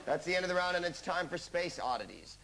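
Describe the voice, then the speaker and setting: A man's voice: high voice, sing-song, fast talker, gravelly. A man hosting a comic quiz show, delivering scripted jokes with a wry punchline style. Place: TV studio with a live audience. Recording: broadcast studio with loud audience noise.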